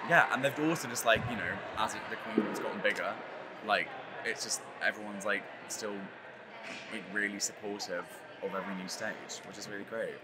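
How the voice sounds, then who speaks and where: A man's voice: fairly low pitch, steady tone, brisk, heavy background noise. A man, a musical's co-writer, chatting casually in an interview, rambling with lots of "like". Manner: rambling, heavy use of "like".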